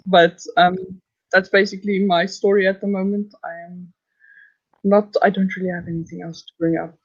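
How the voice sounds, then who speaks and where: A man's voice: sits high, flat delivery, normal speed, muffled recording. A man from South Africa, a writer speaking hesitantly during a casual livestream chat. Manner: hesitant, unsure. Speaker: writer, guest streamer.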